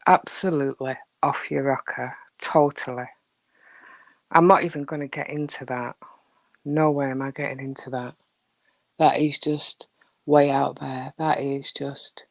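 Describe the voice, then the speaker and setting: A woman with a deep voice and a dry throat hosts a casual livestream, chatting with viewers in a rambling way and often dropping to a near whisper. There's no room sound.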